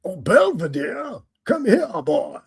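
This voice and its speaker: A man voicing a cartoonish old Southern gentleman who calls loudly for sweet tea in a slow, exaggerated drawl. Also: extremely high pitch, huge pitch swings, vocal fry, husky, voice pushed up, exaggerated voice. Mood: imperious.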